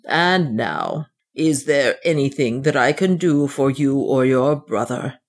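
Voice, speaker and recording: A pompous older clergyman, condescending and sanctimonious, as an audiobook reader puts him on. He drawls his words slowly and unctuously, in a middle-pitched voice. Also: lively intonation. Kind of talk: audiobook reading.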